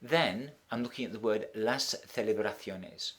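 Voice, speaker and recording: A man's voice: fairly low pitch, a little slow, fairly bright tone. A middle-aged man teaching Spanish, walking through a translation step by step with frequent ums and restarts.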